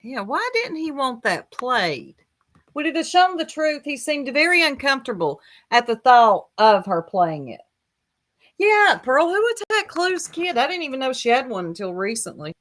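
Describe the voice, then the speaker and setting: A woman's voice: high voice, big pitch swings, normal speed, a bit bright. A woman giving sarcastic reaction commentary on a clip, mocking it with asides to her viewers. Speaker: commentary streamer.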